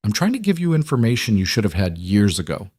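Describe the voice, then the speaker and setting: A man playing a quiet, steady rancher who speaks in a measured, matter-of-fact way. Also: fairly low pitch, husky, no room sound, studio quality. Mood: earnest.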